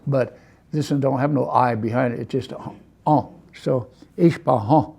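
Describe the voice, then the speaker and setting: A man teaching a language class, relaxed, repeating words slowly for his students. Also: medium pitch, gravelly, slightly rough.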